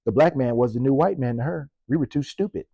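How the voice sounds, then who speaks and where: A man's voice: mid-range voice, fast talker, creaky, dark tone, breathy edge, no echo. A man who works as a police officer, giving impassioned political commentary with punchy rhetorical questions and sarcasm.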